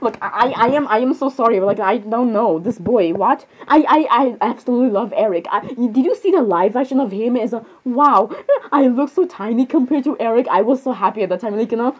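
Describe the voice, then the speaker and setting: A woman's voice: fairly high pitch, lively intonation, a little fast, husky, low-quality recording. A woman in casual in-game role-play chat, flustered and apologetic, stammering and giggling as she talks.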